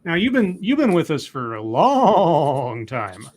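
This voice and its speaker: Male stream host, casual, jokey, a bit higher voice, stumbles through restarts. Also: slow pace. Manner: relaxed, joking, many fillers and restarts. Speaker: livestream host. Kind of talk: casual call-in chat.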